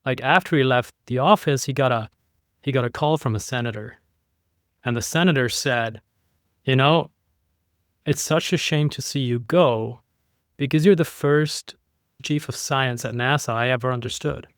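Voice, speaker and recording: A man talking as a podcast guest in a relaxed, conversational way, acting out his points by shifting his voice up and down. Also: mid-range voice, moderate pace, long pauses, dry recording, clean studio sound. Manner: animated, demonstrates inflection by playing with his voice. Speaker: podcast guest, keynote speaker.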